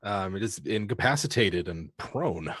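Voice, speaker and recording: A man's voice: deep voice, expressive, unhurried, fairly bright tone, husky, no room sound, clean studio sound. A man playing in a streamed tabletop game, talking through his turn in a playful way, thinking aloud. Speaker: player. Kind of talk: casual tabletop game play.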